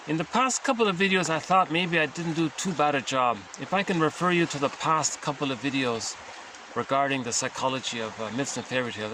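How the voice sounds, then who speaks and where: A man's voice: medium pitch, noisy background. A man casually explaining psychoanalytic ideas, conversational and often checking in with his listeners. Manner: conversational, self-correcting, checks in with "right?". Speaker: teacher.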